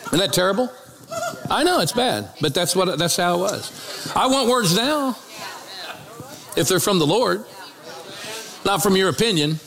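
A man's voice: high voice, moderate pace, long pauses, long reverb tail, background noise. A man preaching and telling a comic story from the pulpit, acting out each voice. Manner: animated, comic storytelling with acted-out quotes. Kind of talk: storytelling sermon.

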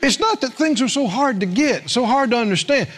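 High, animated preacher man. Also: fairly quick. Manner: storytelling with acted quotes, asks the congregation questions. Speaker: pastor. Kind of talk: sermon.

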